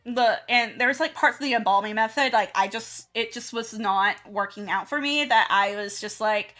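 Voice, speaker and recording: This art streamer and teacher from the American South chats loosely on stream as she draws, wandering between topics and laughing a lot while playing out her reactions. She speaks at a normal speed in a sharp, fairly high voice.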